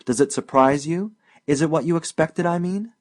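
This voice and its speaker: Man doing a pushy eager young guy bragging about his town, loud and emphatic, audiobook. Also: a little high, moderate pace, voice pushed up, close to an everyday voice.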